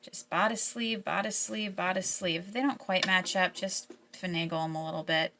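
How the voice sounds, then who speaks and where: Southern woman, lower voice, relaxed chatty sewing demo host, faint machine hum behind. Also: normal speed. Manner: chatty, self-correcting, easygoing. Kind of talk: casual step-by-step sewing demonstration.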